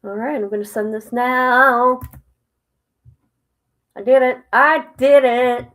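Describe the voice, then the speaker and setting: A woman hosting a casual livestream, reading a report aloud haltingly and breaking off with exclamations and asides to her viewers. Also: on the high side, fairly even intonation, fairly bright tone, poor audio. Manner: drops into whispers at times. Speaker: livestream host.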